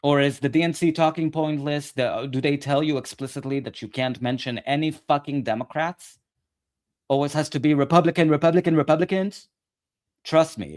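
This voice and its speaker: Male political commentator ranting on camera, sarcastic and profane. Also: fairly high pitch.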